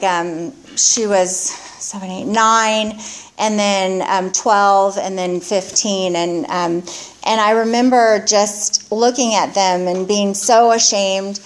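A middle-aged woman giving a candid, rambling personal testimony about her recovery from alcoholism, talking in a halting, confessional way. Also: medium pitch.

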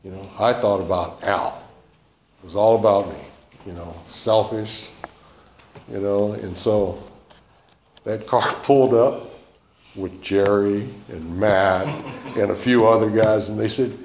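Man, personal testimony, rambling conversational talk, lowish voice, echoey room. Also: fairly even intonation, unhurried, long pauses, a little mellow. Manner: rambling and conversational, full of "you know" and "man". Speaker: speaker sharing his recovery story. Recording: roomy echo with faint noise.

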